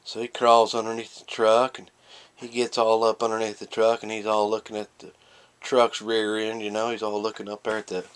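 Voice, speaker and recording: A man with a fairly low voice tells jokes in a loose, rambling way. He stumbles over words and restarts often, then bursts into loud, excited character voices. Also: moderate pace, clean tone. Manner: rambling with many fillers and restarts. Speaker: comedian telling jokes. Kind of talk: casual joke telling.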